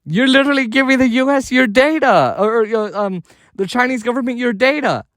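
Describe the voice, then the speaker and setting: A man's voice: very high-pitched, animated, fairly quick, a bit bright, no room sound, clean studio sound. A man hosting a podcast, giving casual, rambling commentary with lots of fillers and laughing at his own points. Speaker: podcast host.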